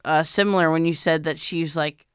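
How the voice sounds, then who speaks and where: Laid-back man with a bright, high voice. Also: fairly even intonation, moderate pace, clear, resonant tone, no room sound, studio quality. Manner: laid-back, slangy, swearing. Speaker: comedian guest. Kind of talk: casual podcast chat.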